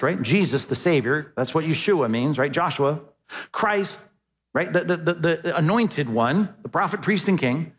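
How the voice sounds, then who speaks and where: Husky pastor preaching in a reverberant hall. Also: male voice, on the high side, a bit bright. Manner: conversational, asks the congregation questions. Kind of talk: expository sermon.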